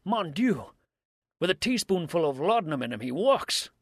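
A man's voice: on the high side, very animated, normal speed, no echo, voice pushed up. A man voicing a wry, unflappable man. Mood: astonished.

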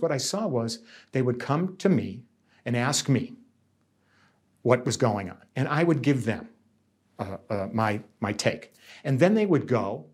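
Man, middle-aged, husky, emphatic, interview testimony. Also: medium pitch, darkish tone. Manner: earnest, emphatic, repeats words. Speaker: union negotiator.

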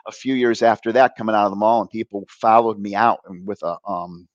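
A middle-aged man telling a personal story on a talk show, animated and laughing as he acts out the voices of others. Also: fairly low pitch, brisk, no room sound, lo-fi sound. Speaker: guest.

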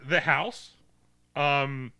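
A man's voice: fairly high pitch, very slow, vocal fry, a crowd in the background. A man co-hosting a movie podcast, sharing film trivia with many hesitations. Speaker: podcast co-host. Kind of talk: casual movie review chat.

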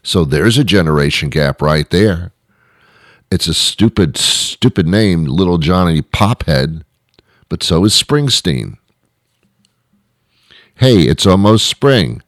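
Middle-aged male host, very deep voice, rambling comic monologue, deadpan wit. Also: measured pace, no echo, clean studio sound. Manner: rambling, wry, deadpan asides. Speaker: show host. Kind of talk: comedic monologue.

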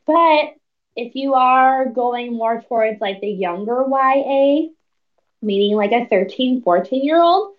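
A woman co-hosting a casual book review podcast, animated, laughing often and acting out characters' lines. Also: on the high side, unhurried, far from the mic, phone-quality sound. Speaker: podcast co-host.

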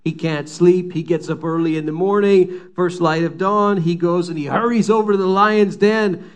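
Preacher, male, higher-pitched voice, storytelling sermon delivery, acts out the quotes. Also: fairly even intonation, normal speed, hardly any pauses, clear, resonant tone. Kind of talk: sermon retelling a scripture story.

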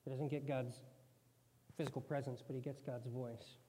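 A man's voice: medium pitch, little pitch movement, normal speed, mellow, slight background noise. A man preaching a sermon in a conversational way, now and then acting out quoted voices. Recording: long hall reverb.

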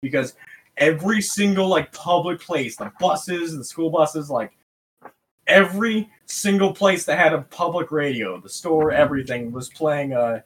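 A man from West Michigan, a podcast guest telling a story in a lively, profane way and acting out the voices of people he quotes. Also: fairly high pitch, unhurried. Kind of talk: casual storytelling.

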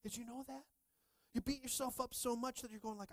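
A middle-aged man preaching a sermon with lively energy, often checking in with the congregation. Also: very high-pitched, quick pace, dry recording. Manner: energetic, repeatedly asking "are you with me?". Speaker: pastor.

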